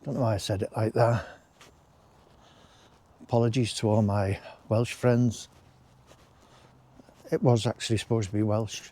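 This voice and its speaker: A man's voice: lowish voice, steady tone, unhurried, pauses often, dark tone. A man chatting casually as he walks outdoors through a wooded park, rambling along with friendly asides. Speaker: walking vlogger. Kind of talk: casual walking commentary.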